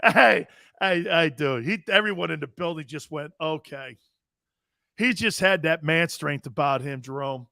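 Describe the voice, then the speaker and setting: A man's voice: fairly high pitch, normal speed, gravelly, dry recording, studio quality. A man in his fifties hosting a sports talk show, telling boisterous, rambling anecdotes with emphatic restarts. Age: 50s. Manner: animated, emphatic storyteller.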